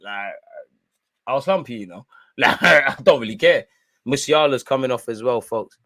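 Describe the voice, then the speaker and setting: A man's voice: medium pitch, moderate pace, no room sound. A man in his twenties with a London accent, hosting a live football watchalong, full of banter and slang-heavy stories. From London, England. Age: 20s. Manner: animated storytelling in London slang. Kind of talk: live match commentary and banter.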